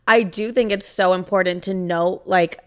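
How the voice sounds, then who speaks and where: A young woman co-hosting a casual podcast chat, blunt and crude in her quick asides. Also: on the low side, steady tone, clear, resonant tone. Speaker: podcast co-host.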